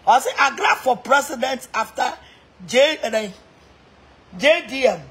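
Husky Ghanaian woman, taunting rant. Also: sits high, a little slow, a bit bright. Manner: laughing, taunting, switching between Twi and English. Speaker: social media personality. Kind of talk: mocking live-stream rant.

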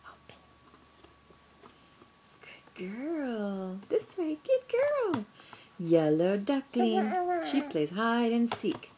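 A woman reads a picture book to a toddler at home in a very slow, mellow voice. Her pitch sits a little high and swoops widely in sing-song baby talk, broken by gasps and drops into soft whispers. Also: big pitch swings, slight background noise, poor audio. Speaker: parent reading to a toddler.

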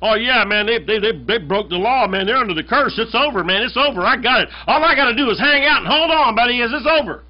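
A man's voice: very high-pitched, animated, fast, few pauses, voice pushed up. A man voicing a smug, gloating male devil in a sermon, with cocky drawling taunts. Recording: dull lo-fi sermon recording.

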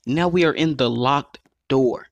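A man giving playful let's play commentary, excitable and talking straight to his viewers as he plays. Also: medium pitch, unhurried, muffled recording, noisy background. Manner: excitable, calls himself "your boy", keeps addressing viewers as guys. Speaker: gaming YouTuber.

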